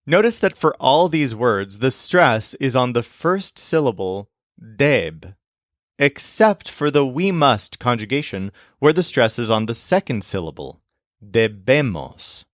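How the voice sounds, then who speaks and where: A man teaching a language lesson, explaining grammar in a clear, scripted way and giving English sentences to translate. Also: mid-range voice, very animated, no echo, clean studio sound. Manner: slow, clear explanatory delivery.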